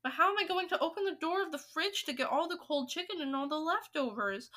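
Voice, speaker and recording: A woman doing a shouty spoiled mouse-boy. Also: extremely high pitch, expressive, fast talker, pitched above the performer's own voice, full character voice. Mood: curious. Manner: indignant and shouty.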